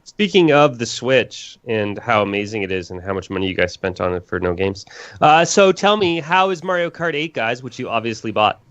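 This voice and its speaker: A man co-hosting a casual gaming podcast, telling stories in a joking, animated way. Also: medium pitch, normal speed, no room sound. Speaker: podcast co-host. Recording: dull, dry podcast mic.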